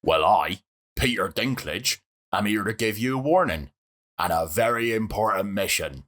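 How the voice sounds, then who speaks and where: A man's voice: fairly low pitch, lively intonation, normal speed, fairly bright tone. A man playing a self-important actor giving warnings. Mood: grave. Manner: self-important, keeps repeating his own name. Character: pompous actor who delivers warnings from the moon.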